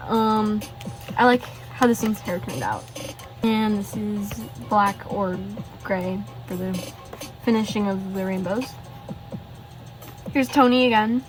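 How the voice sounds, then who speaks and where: A teenage girl sits at her bedroom desk showing her sketchbook, gushing and rambling with many fillers and asides. She speaks slowly in a mid-range voice, pausing often, with music playing behind her. The low-quality recording comes from a phone hung above the desk.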